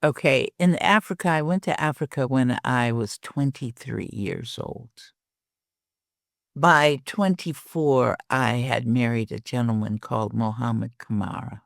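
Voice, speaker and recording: An older woman telling a personal story as a podcast guest, animated, often laughing and acting out the dialogue. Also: a bass voice, measured pace, gravelly, dry recording, clean studio sound.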